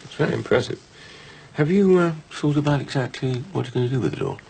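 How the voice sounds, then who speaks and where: A man playing a smooth-talking, scheming businessman who persuades people gently in a TV soap drama. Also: medium pitch, lively intonation, fast, slight background noise.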